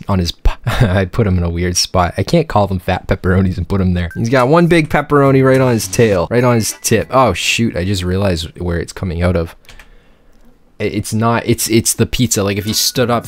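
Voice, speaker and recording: A man's voice: sits low, slight background noise. A young man teasing and rambling as he doodles for his subscribers, in casual commentary. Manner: joking, rambling, mock-teasing asides. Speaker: YouTuber drawing subscribers. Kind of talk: casual commentary while drawing.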